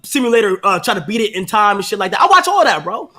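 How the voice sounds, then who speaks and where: Guy on stream, high bright voice, very lively, casual and profane. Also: fast talker. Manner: loose and profane, heavy on "bro".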